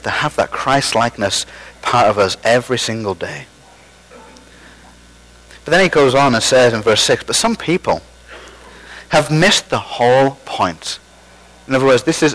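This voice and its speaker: A man's voice: mid-range voice, lively intonation, moderate pace, pauses often, a bit bright, poor audio. A man preaching a sermon as pastor, conversational and self-deprecating, with false starts.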